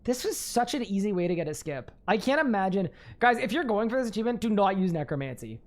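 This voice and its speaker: Excitable young woman streaming a game. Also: medium pitch, fast. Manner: excitable, laughs often, talks to chat. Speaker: gaming streamer. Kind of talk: live gaming commentary.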